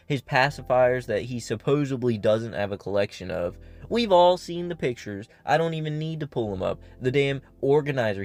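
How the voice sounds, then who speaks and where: A man hosting a commentary video, talking casually in a blunt, exasperated, profanity-laced way. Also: medium pitch.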